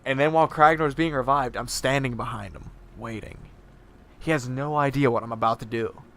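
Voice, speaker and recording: A man's voice: medium pitch, a little fast, fairly bright tone, a little hiss or hum. Amused man telling a rambling story. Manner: rambling, amused, often laughs mid-sentence. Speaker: co-host playing a video game. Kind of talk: casual gaming chat and storytelling.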